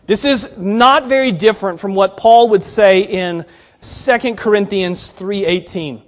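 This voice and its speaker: High-voiced preacher addressing students. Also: male voice, a little slow. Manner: conversational, earnest, swings between emphatic and hushed. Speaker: preacher at a Bible college chapel. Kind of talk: sermon.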